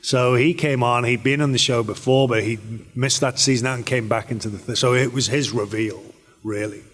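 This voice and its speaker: A British actor answering fan questions on a convention panel, relaxed and rambling with many fillers and restarts. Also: male voice, medium pitch, fairly quick. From Britain. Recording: echoey convention hall.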